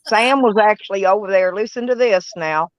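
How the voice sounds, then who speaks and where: A woman's voice: mid-range voice, moderate pace, no echo. A woman, chatting casually and rambling on a live stream. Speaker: van life live streamer. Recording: dull, dry lo-fi sound.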